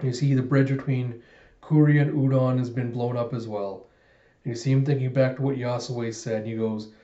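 A man's voice: medium pitch, fairly even intonation, moderate pace, mellow. A man casually recapping a comic chapter for a review, rambling with lots of fillers. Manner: loose, rambling narration with many fillers. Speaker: manga reviewer. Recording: roomy, dull lo-fi sound.

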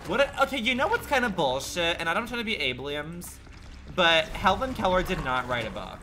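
A man's voice: high-pitched, sing-song, fairly quick, background noise. A man livestreaming a game, chatting with his viewers in a sassy, campy, profane way, full of rambling rhetorical questions. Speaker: gaming livestreamer. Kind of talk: casual stream chat.

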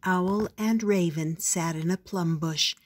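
An older woman reading a picture book aloud in a slow, gentle storytelling manner. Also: fairly low pitch.

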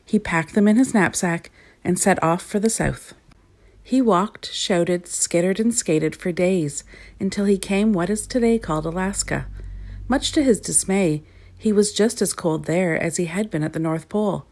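Female storyteller, expressive reading voice, slightly low pitch. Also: moderate pace.

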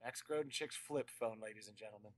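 A man's voice: lowish voice, fast talker. A man telling a story in casual podcast chat, rambling, with restarts. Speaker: guest musician.

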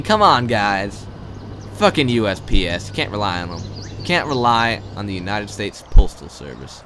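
Over a little hiss or hum, a young gamer with a mid-range voice provides live commentary. He's excitable and foul-mouthed, lurching from loud outbursts to muttered asides.

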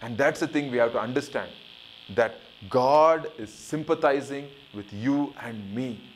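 A man giving an earnest Bible study, repeating phrases for emphasis and building up on key points before dropping soft at the ends of lines. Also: medium pitch, unhurried, a little hiss or hum. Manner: rises and swells on key points, drops soft at line ends. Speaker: Bible teacher.

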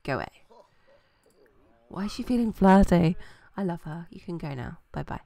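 A woman's voice: fairly low pitch, lively intonation, a little fast, vocal fry, warm tone. A British woman hosting a gaming channel, giving casual, rambling let's-play commentary full of fillers. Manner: chatty and rambling, with many fillers.

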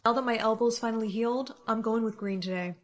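A young woman in her teens narrating a POV storytime in a lively, sassy manner, with a text-to-speech sound. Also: on the high side, fast talker, slight background noise. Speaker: narrator and main character.

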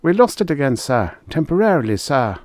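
A man voicing a high-ranking military officer who speaks nervously and respectfully to a powerful man. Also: sing-song, a little fast, a little mellow, no echo. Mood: deferential. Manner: nervous, respectful, saying sir.

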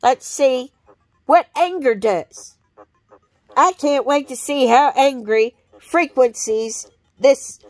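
A woman's voice: sits high, darkish tone, no echo. A woman talking in a rambling, profane and blunt monologue.

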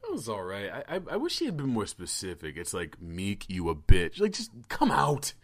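A man's voice: mid-range voice, wildly swooping pitch, a little fast, a bit bright, slightly rough. A man co-hosting a podcast in casual chat, hesitant and swearing freely between his fillers. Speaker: podcast co-host.

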